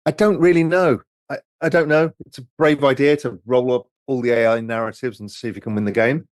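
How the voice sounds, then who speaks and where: A man's voice: mid-range voice, steady tone, fairly quick, dry recording. Rambling, candid man on a dry mic. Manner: rambling, candid, swears freely. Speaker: host reading viewer questions. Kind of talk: casual live-stream chat over drinks.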